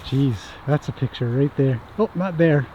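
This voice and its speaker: A horse trainer chats casually while working his horses outdoors, speaking fondly to them. His mid-range voice is warm and at normal speed, though the audio is dull with a little hiss or hum.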